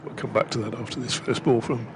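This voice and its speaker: A man's voice: mid-range voice, flat delivery, fast, noisy background. A man giving live, rambling cricket commentary with lots of fillers, from a gazebo at the ground. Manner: chatty, rambling with frequent fillers.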